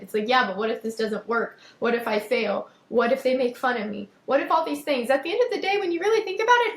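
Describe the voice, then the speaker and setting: A young woman with a high voice talks straight to her listeners in a casual motivational monologue. She is earnest and emphatic, and she leans on repeated phrases to drive her points home. The sound is echoey, as if recorded in a bare room. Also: fairly bright tone. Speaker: podcast host.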